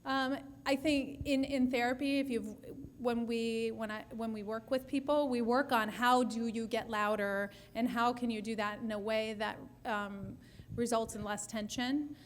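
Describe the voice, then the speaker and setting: High-voiced woman speech therapist explaining. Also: steady tone, moderate pace, slight background noise. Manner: explanatory, with frequent restarts. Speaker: speech therapist presenting a session. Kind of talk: answering audience questions.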